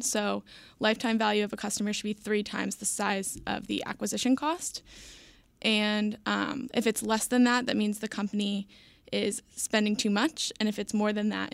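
Gravelly woman thinking aloud. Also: medium pitch, little pitch movement, moderate pace, dry recording. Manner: hesitant, filler-heavy, thinking aloud. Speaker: podcast guest analyst. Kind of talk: casual podcast chat.

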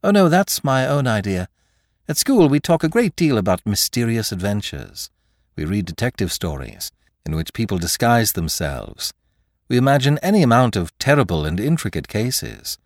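A man reading a storybook, voicing a clever teenage schoolboy who speaks softly and with great politeness. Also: fairly low pitch, very animated, normal speed, no echo, clean studio sound. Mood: cheerful. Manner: soft, infinitely polite, gently teasing.

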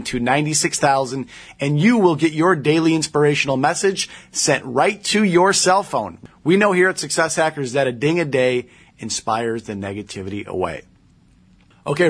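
Husky upbeat podcast host, a man. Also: a little high. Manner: upbeat, enthusiastic. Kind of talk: podcast hosting with sponsor read.

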